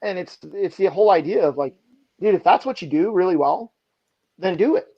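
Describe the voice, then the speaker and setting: A man and baseball pitching coach telling an animated story in a casual podcast chat, leaning heavily on "like". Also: brisk, husky, dull audio. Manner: animated anecdotes, heavy use of "like".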